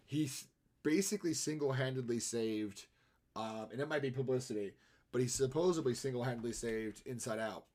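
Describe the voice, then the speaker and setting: A man's voice: mid-range voice, darkish tone. A man livestreaming his artwork, talking in a rambling, casual way and laughing often. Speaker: livestreaming artist. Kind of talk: casual chat while drawing on a live stream.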